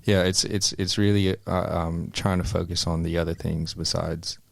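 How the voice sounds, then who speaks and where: Male boxer guest, very deep and gravelly, easygoing, dry close mic. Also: little pitch movement, moderate pace, dry recording. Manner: laid-back, many fillers. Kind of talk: casual interview chat.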